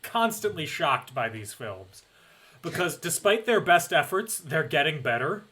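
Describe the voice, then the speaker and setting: A man with a bright, fairly high voice talks through a film recap with a co-host. His pitch swings widely, giving an animated, joking delivery in a relaxed conversation. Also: unhurried, rough recording. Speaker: podcast co-host. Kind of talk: casual chat.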